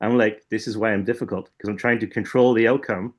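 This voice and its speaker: A man's voice: on the low side, fast. Rambling man telling a dream story. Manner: rambling, animated retelling with frequent "like" and "right?". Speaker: podcast co-host. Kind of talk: casual chat, storytelling.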